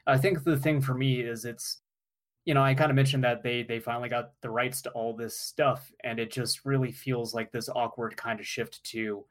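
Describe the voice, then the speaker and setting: A man's voice: medium pitch, fairly even intonation, moderate pace. A man on a podcast, chatting casually and giving opinions about movies. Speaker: podcast co-host.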